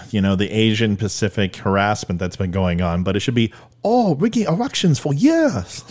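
Wisecracking man hosting his podcast. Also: on the low side. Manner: wisecracking, sarcastic, quick asides. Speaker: podcast host. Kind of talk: solo comedic podcast monologue.

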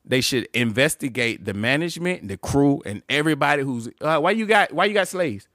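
A man co-hosting a casual podcast, ranting in a profane, animated way and laughing often. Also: medium pitch, brisk, dry recording, studio quality. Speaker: podcast co-host.

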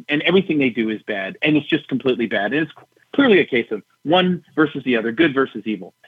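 A middle-aged man, a retired general, speaking as a guest in a political talk show interview, in a measured, emphatic, plain-spoken manner. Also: mid-range voice, no echo. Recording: husky phone-line audio.

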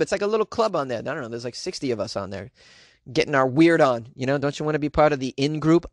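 A man's voice: lively intonation, fast talker, no room sound, studio quality. Goofy, rambling man in a closet. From Boston area. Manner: goofy, rambling, self-mocking, jumps in pitch. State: overly caffeinated. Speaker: podcast host. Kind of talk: solo podcast talk. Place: small closet at home.

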